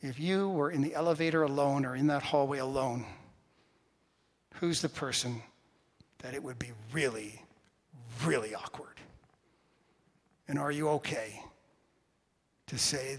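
A male pastor preaching a sermon, telling a personal story with animated swings between loud and hushed delivery. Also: mid-range voice, unhurried, long pauses. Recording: reverberant church hall.

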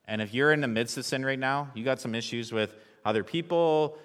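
A man preaching a sermon as pastor, relaxed and conversational, joking with the congregation. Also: mid-range voice, a little fast, long reverb tail.

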